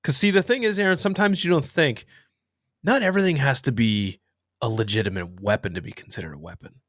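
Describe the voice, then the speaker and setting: A young man co-hosting a comedy podcast, joking in a deadpan way that sinks to a mumble on punchlines. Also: mid-range voice, fast, no room sound, studio quality. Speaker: podcast co-host. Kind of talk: casual comedic banter.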